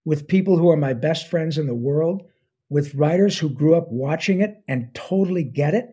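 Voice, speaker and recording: Husky, warm-toned man in his sixties. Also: fairly high pitch, moderate pace. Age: 60s. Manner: enthusiastic, rambling with fillers. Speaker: guest voice actor. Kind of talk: casual interview talk.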